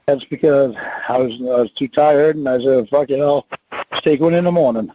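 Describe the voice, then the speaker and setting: A man in casual banter with his partner, defensive and quick to laugh things off. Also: mid-range voice, dark tone, slight background noise, low-quality recording.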